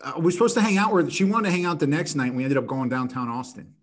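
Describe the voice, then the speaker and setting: A man's voice: fairly high pitch, animated, fast talker. A man co-hosting a comedy podcast, joking around in casual banter and laughing easily. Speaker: podcast co-host.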